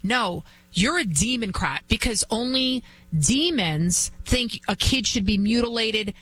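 A woman's voice: fairly high pitch, lively intonation, a little slow, fairly bright tone, breathy edge, low-quality recording. A woman hosting an opinionated political monologue, emphatic and repetitive. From United States. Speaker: political commentary host.

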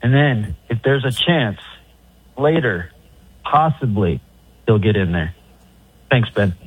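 A man's voice: lowish voice, lively intonation, slow, husky, no echo. A man calling in to a sports radio show, rambling hesitantly through his opinion. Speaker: caller. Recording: dry phone line.

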